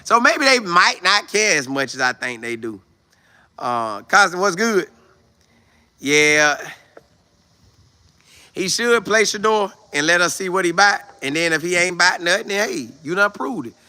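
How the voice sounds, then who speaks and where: A man hosting a live stream, casually talking football in an animated, slangy way and answering viewer comments. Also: high voice, unhurried, pauses often. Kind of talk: casual sports chat, reading viewer comments.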